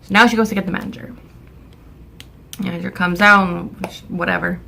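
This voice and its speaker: A young woman from Canada telling a storytime vlog in an exasperated, swearing rant. Her voice is bright with a gravelly fry running through it. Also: on the low side, fairly even intonation, normal speed. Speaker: vlogger.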